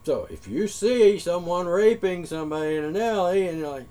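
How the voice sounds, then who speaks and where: A slightly high-voiced man rants at his audience in a heated, confrontational monologue. He swears often and presses his points with rising force. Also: lively intonation, moderate pace, few pauses, mellow. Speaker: vlogger. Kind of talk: angry monologue rant.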